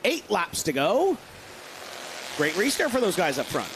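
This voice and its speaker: A man giving live race commentary, building excitement on the calls. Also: sits high, unhurried, noisy background.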